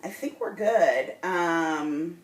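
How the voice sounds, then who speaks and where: A woman's voice: fairly low pitch, very slow. A woman co-hosting a casual fan podcast, chatting and reading listener questions aloud. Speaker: podcast co-host. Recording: echoey room, mic at a distance.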